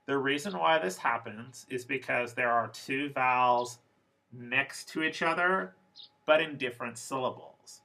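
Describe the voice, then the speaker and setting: A man teaching an English pronunciation lesson in a classroom style. His voice is bright and sits at a middle pitch. He talks slowly and deliberately, repeating each example word. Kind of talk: classroom lecture.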